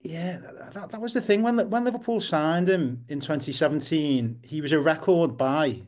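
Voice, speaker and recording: A man's voice: fairly high pitch, moderate pace, a little mellow. A man, a football writer, as a guest in a casual podcast interview, explaining at length and restarting often.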